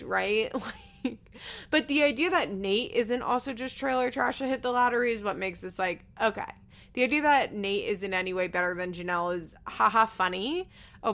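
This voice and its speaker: A woman's voice: mid-range voice, gravelly, sharp tone. Chatty, sarcastic woman recapping TV. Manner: chatty, sarcastic, laughs often. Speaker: reality TV recap host. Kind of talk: casual commentary.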